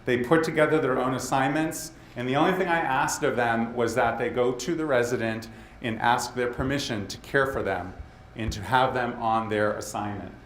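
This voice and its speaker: A man with a Boston accent giving a presentation at a leadership summit, talking straight to the audience and tossing in quick asides. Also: medium pitch. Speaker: conference speaker. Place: conference hall. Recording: roomy hall with faint background noise.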